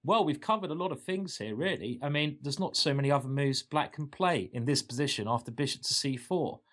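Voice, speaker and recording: A man's voice: on the high side, expressive, a little fast, fairly bright tone. Enthusiastic man explaining chess moves. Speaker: chess coach. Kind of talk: chess lesson.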